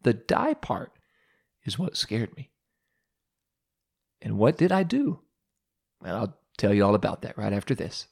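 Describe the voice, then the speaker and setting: A man hosting a radio devotional, telling a humorous, self-mocking story with dramatic pauses. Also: lowish voice, big pitch swings, vocal fry, darkish tone, slightly rough.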